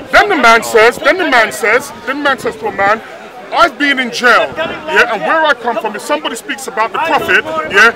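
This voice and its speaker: A man, speaking as a public speaker in a heated open-air street debate. He lectures, repeating phrases for emphasis, and shouts insults when the argument flares. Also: very high-pitched, low-quality recording. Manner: raises his voice and trades insults in heated arguments. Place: outdoors in a busy park, London. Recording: outdoor crowd chatter in a park.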